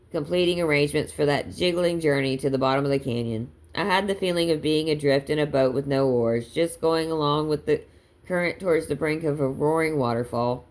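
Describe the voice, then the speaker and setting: Low-voiced woman reading a book aloud. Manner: unhurried, with occasional stumbles and self-corrections. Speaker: audiobook reader.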